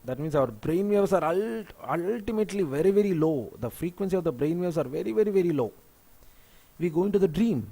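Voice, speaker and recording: Teacher, male, native Telugu speaker, high voice, spells words out and explains patiently. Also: lively intonation, fairly quick, vocal fry, dark tone. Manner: many fillers and restarts. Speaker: English teacher. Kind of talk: spoken English lesson.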